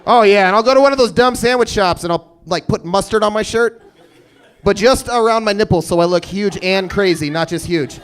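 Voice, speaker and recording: A man in his thirties doing a stand-up comedy set, telling stories deadpan with sudden loud bursts. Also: sits high, brisk, clean tone. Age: 30s. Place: comedy stage before a live audience.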